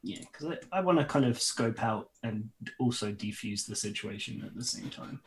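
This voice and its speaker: A man's voice: on the low side, normal speed, slight background noise. A man playing in a tabletop game, thinking aloud about his moves. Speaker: player.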